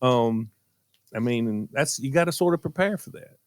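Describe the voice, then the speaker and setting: An older man with a drawl spins a story for his radio co-hosts, his pitch leaping and dipping as he laughs through the punchlines. His voice sits in the middle range, recorded dry and close on a studio microphone. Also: animated, moderate pace, dry recording. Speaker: radio show co-host. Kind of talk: casual storytelling chat.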